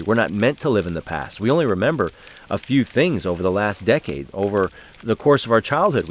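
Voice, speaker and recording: Lower-voiced man leading a Bible study. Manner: conversational storytelling with fillers; slows and softens for reflective points. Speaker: host and Bible study leader. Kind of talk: casual devotional talk.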